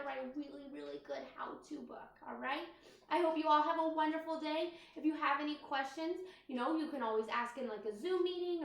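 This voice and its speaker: The recording sounds far off and reverberant, as if the mic sits across a very echoey room. It captures a kindergarten teacher, a woman with a high voice, giving young children a writing lesson in an exaggerated, sing-song tone.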